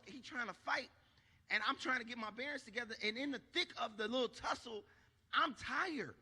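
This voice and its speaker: Bright, high-voiced man doing stand-up. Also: normal speed, husky, long reverb tail. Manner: animated, acts out shouts, asks the crowd for agreement. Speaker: stand-up comedian. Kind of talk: stand-up storytelling. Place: church stage.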